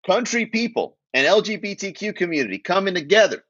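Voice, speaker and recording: A man's voice: sits high, big pitch swings, brisk, few pauses, a bit bright, dry recording, lo-fi sound. A man from Miami hosting a casual comedy livestream, joking and chatting with viewers, laughing at his own jokes. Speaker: comedy podcast host.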